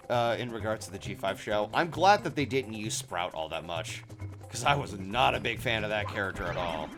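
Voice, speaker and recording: A man with a fairly low voice rambles through casual gameplay commentary, his pitch swinging up and down as he talks. He swears freely when the game goes badly. Game music plays clearly underneath him. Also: animated, normal speed. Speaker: streamer playing a video game.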